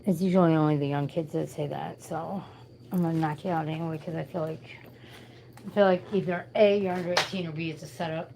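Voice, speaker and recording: A woman's voice: low voice, steady tone, fairly quick, vocal fry, background noise. A tired woman in pain, chatting bluntly and swearing through a casual livestream.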